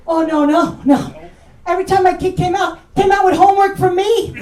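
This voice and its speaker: A woman's voice: very high-pitched, steady tone, fairly quick, darkish tone. A middle-aged woman with a New York accent doing a profane, mocking stand-up comedy set in a club. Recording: echoey room mic heard from a distance, crowd laughter. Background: audience laughing.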